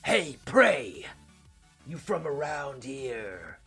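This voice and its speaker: A man voicing a deep-voiced, commanding male scrapyard gang boss. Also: big pitch swings, drawn-out words, gravelly, pushed and bright, faint music behind, full character voice.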